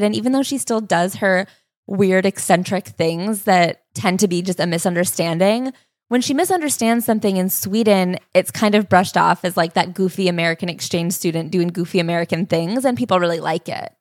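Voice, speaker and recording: A woman's voice: medium pitch, brisk, no room sound. Brief: dry-witted woman podcast co-host, matter-of-fact casual retelling, close, dry sound. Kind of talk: casual chat.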